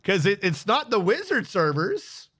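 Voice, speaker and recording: A man telling a story on a casual live stream, animated and swearing freely, acting out what others said. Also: high voice, measured pace, breathy edge.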